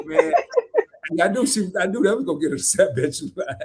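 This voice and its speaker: A man's voice: high-pitched, lively intonation, moderate pace, slight background noise. Playful man hosting a live stream. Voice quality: loud laughing bursts, playful teasing. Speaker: host. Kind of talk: casual live-stream chat.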